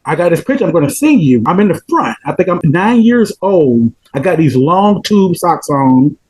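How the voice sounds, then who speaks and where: A man in his fifties with a Southern Georgia accent, telling stories as a podcast guest in an animated way, laughing often. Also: on the high side, normal speed, breathy edge, low-quality recording. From Pelham, Georgia, US. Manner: animated, laughs often, repeats words when excited. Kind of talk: casual storytelling interview.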